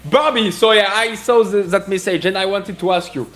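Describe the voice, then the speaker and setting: A man's voice: high-pitched, normal speed, fairly bright tone. A man hosting a live trading stream, reading out chat and laughing often. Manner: playful, laughs often, reads chat messages aloud.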